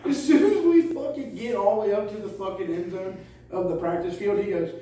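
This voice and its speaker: A man's voice: high-pitched, a little fast, dark tone. A young man co-hosting a podcast, telling rambling, profane stories in casual chat. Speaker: podcast co-host. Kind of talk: casual drinking chat, storytelling. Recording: echoey room, mic at a distance.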